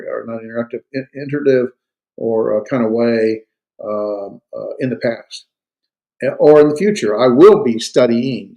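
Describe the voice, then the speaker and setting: A man in a classroom, talking through grammar in an easygoing lecture, his pitch sitting in the middle range. He keeps asking whether the class follows him, and now and then he slips in a dry, sarcastic aside. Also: creaky, a little mellow. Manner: conversational, checks understanding with "right?". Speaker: Greek grammar teacher.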